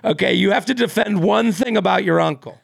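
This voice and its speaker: High-voiced gravelly man joking around. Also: dry recording, clean studio sound. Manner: jokey, rambling, quick asides. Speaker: podcast co-host. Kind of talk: casual comedic chat.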